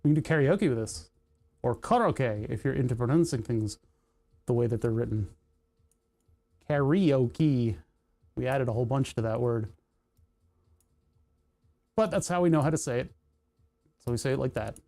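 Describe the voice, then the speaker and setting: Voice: medium pitch, brisk, gravelly, pauses often, warm tone. A streamer from Pennsylvania chatting casually while working on a computer, wandering off on tangents and cutting themselves off mid-thought. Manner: rambling, tangent-prone, self-interrupting.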